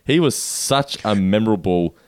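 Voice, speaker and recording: A man co-hosting a casual podcast chat. His voice is fairly low but swings widely in pitch as he talks. The recording is dry and close. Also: moderate pace, clear, resonant tone, no room sound. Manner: lively, animated storyteller. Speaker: podcast co-host.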